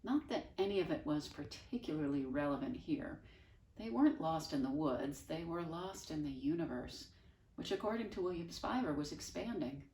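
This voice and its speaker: A woman's voice: low voice, normal speed. Teacher lady reading a kids book, dry little asides, roomy echo, sounds far from the mic. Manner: expressive and dry, with wry asides. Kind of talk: storybook read-aloud. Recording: echoey room, voice from far off.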